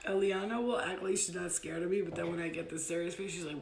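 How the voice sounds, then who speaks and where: A woman's voice: lowish voice, fairly even intonation, quick pace, creaky. A young woman casually teaching astrology in a livestream from her room at home, joking, giggling and swearing freely. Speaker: astrology vlogger. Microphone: phone. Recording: echoey home room with faint noise.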